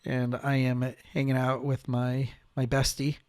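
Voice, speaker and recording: A man's voice: mid-range voice, monotone, unhurried, a little mellow, no room sound. A man hosting a podcast as a marriage and family therapist, chatting casually with lots of fillers and restarts.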